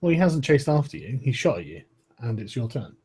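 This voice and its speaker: A man's voice: medium pitch, sing-song, brisk, darkish tone, breathy edge. A man narrating as game master in a casual tabletop session, swearing freely.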